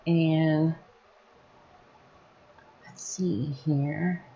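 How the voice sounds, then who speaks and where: A woman running a casual live software tutorial, thinking aloud as she works. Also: low voice, steady tone, extremely slow, creaky, husky, muffled recording. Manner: thinking aloud while working, casual and chatty. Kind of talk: live screen-recorded tutorial.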